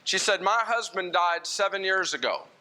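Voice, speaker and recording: A man's voice: high-pitched, normal speed, bright, forceful tone. A man preaching a sermon in a church, conversational and telling stories with quoted dialogue. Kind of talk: sermon with storytelling.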